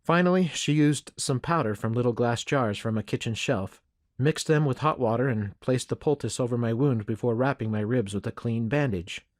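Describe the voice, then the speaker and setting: A man narrating a first-person western audiobook in a steady, measured way. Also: medium pitch, no room sound, studio quality.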